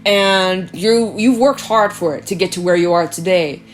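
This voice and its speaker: A woman giving a casual tarot reading, chatty and animated, swearing freely and acting out quoted voices. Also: on the low side, normal speed. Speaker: tarot reader. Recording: faint background music.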